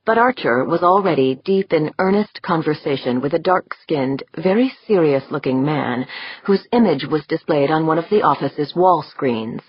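A woman narrating an audiobook in a steady scripted reading. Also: low-pitched, moderate pace, slightly rough, dry recording. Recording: dull, dry lo-fi recording.

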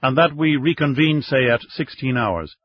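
A man voicing a composed senior official who speaks slowly and deliberately, on slightly dull, muffled audio. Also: medium pitch, natural voice. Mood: measured. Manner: slow, measured.

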